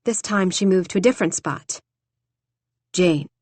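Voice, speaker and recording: A woman reads romance fiction as an audiobook narrator, with a steady, even storytelling manner. Her voice sits mid-range, and the studio sound is close and dry. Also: medium pitch, brisk, dry recording.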